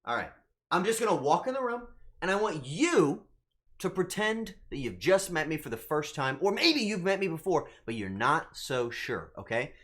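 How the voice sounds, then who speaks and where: A man's voice: on the high side, very animated, normal speed, a bit bright. A man streaming as a VTuber, telling a rambling story straight to his chat and swearing freely. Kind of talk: casual storytelling to live chat.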